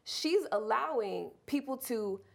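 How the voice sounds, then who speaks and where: A woman's voice: on the high side, expressive, slow, vocal fry. A woman co-hosting a casual panel chat show, talking with enthusiastic emphasis. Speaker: show co-host.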